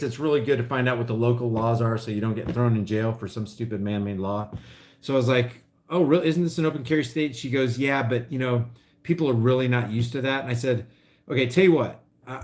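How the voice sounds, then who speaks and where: Rambling middle-aged man streaming. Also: medium pitch. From Oklahoma. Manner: rambling, restarts, swings loud and quiet. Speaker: vlogger reading live chat. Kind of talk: casual livestream chat.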